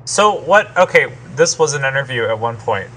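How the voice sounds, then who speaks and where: A man's voice: medium pitch, expressive, moderate pace, sharp tone, low-quality recording. A man in casual chat with friends, laughing easily and a bit hesitant. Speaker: podcast co-host.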